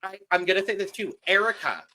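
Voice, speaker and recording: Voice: medium pitch, expressive, quick pace, bright, forceful tone, poor audio. A podcast co-host recapping a reality show in casual chat, telling it as a story and acting out her own reactions.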